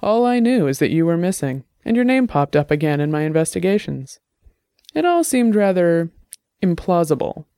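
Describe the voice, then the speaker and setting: A narrator voicing a calm male investigator in an audiobook, asking questions in a wry, probing way. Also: medium pitch, normal speed, clean tone, no room sound, studio quality. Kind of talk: audiobook character reading.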